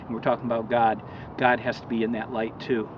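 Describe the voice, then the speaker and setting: A man giving an earnest motivational talk about recovery, telling a parable and acting out the shouts in it. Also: medium pitch, level tone, fairly quick, far from the mic, muffled recording, background noise. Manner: earnest, acts out shouts in his story. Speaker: recovery counselor.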